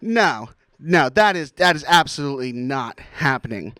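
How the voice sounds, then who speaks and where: Lively self-mocking young male comedian. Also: a little high, moderate pace, no room sound. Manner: self-deprecating, laughs at his own jokes. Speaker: stand-up comedian. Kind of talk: stand-up comedy routine. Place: college TV studio.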